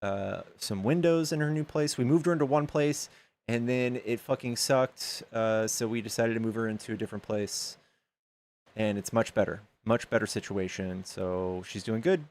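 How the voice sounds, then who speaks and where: A man's voice: lowish voice, normal speed, darkish tone. Joking male streamer talking to chat. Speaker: live-stream host. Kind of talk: casual livestream chat and debate.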